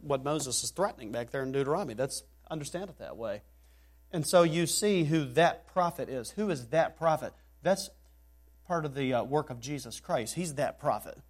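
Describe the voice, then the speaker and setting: A man with a fairly high voice delivers a sermon verse by verse. He reads old scripture aloud and drives his points home with rising, emphatic repetition. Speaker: preacher.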